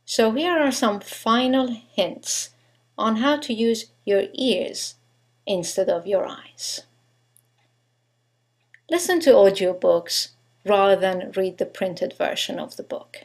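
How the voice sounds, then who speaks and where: A woman giving a scripted English pronunciation lesson, stressing each example word with care. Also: mid-range voice. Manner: slow, deliberate, stresses example words. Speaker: English teacher.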